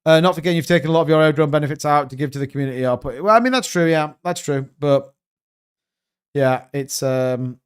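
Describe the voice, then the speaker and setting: A young man hosting a crypto live stream, talking fast and excitedly in a rambling, casual way while reading viewer comments. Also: fairly high pitch, clean tone.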